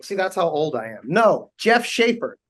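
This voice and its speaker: A man in his forties, a guest on a talk show, telling animated funny stories and laughing often. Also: a little high, moderate pace. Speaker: guest, actor and team owner. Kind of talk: casual interview storytelling.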